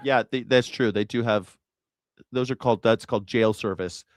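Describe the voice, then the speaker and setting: A man's voice: mid-range voice, moderate pace, slight background noise. A man hosting a news reaction show, sarcastic and incredulous and swearing freely. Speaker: host.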